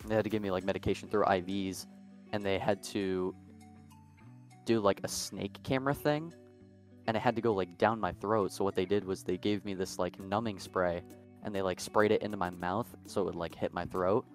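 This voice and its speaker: Young man, deep low voice, casual podcast chat, rambling, lots of fillers. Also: fairly even intonation, normal speed, faint music behind. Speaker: podcast co-host.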